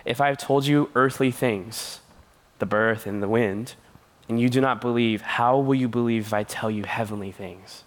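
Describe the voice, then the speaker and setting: A man's voice: mid-range voice, normal speed. A man preaching as a youth pastor, telling stories with playful voices and laughter. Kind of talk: sermon.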